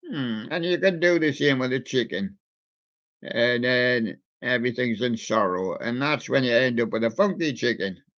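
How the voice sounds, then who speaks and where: A man hosting a casual radio show, chatting playfully with the soft toys in his studio. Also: mid-range voice, animated, normal speed. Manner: chatty, playful, talks to soft toys and does their voices. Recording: dull lo-fi sound.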